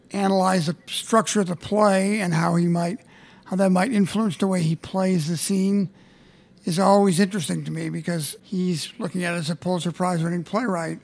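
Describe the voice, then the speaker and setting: High-voiced, gravelly stage manager. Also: male voice, a little mellow. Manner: dry, understated, low-key. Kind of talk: casual interview storytelling.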